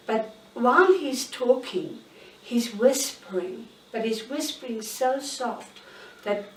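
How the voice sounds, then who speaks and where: A woman tells her story candidly, pausing and searching for words. Her voice sits in a mid register and comes across an echoey room from some distance away from the mic. A faint background hiss is present throughout. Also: on the high side, animated. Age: 60s. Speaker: interviewee. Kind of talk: personal account in an interview. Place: bedroom in her own home. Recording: roomy sound, mic at a distance.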